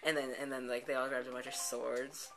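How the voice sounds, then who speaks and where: A man's voice: medium pitch, flat delivery, brisk, bright, forceful tone, slight background noise, rough recording. A man, the host of a gameplay channel, improvising a rambling story full of "and then, like" restarts. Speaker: let's play host. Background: background music.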